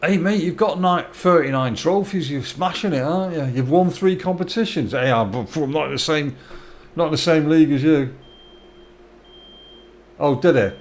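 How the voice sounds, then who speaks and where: A man's voice: fairly high pitch, normal speed. A middle-aged man, chatting casually to viewers while live-streaming a game, friendly and stumbling over his words.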